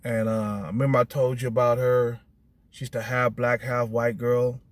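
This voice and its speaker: A middle-aged man talking casually and bluntly, swearing often and repeating "you know what I'm saying," his voice climbing high and animated when he retells others' words. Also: moderate pace, dry recording. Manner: animated, rising high when quoting texts. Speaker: vlogger. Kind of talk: casual monologue.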